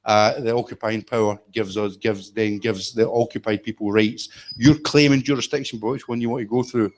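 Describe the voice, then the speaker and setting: Bloke lecturing a live crowd, blunt, sweary, hammering points home. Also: male voice, lowish voice, fairly even intonation, brisk. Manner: blunt, emphatic, profane asides. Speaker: speaker at a live event. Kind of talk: live lecture-style talk. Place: event room with an audience.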